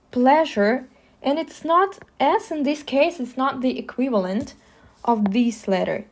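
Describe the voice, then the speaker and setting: A young woman with a Russian accent teaching the alphabet, speaking slowly and spelling out each sound with care. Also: a little high, a little mellow. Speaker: language teacher. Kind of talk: slow alphabet lesson.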